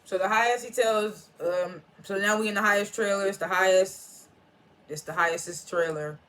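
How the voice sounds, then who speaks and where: Host of a recap vlog: a bright, forward voice that rambles through plot points with loose slang and quick restarts. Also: medium pitch, fairly even intonation. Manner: chatty, slangy retelling with laughter; frequent restarts and repeated names. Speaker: TV episode reviewer. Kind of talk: casual episode recap.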